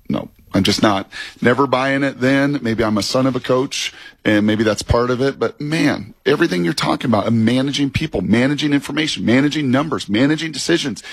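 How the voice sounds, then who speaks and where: Man, radio co-host, former player, emphatic, repeats phrases, husky, dry close mic. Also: mid-range voice, dry recording. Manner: emphatic, builds lists and repeats for effect. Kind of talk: sports radio talk.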